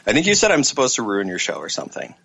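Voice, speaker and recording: A man's voice: mid-range voice, very animated, racing, vocal fry, pushed and bright. A man chatting as a podcast guest, rambling and self-deprecating, with a lot of ums and uhs. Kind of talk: casual chat.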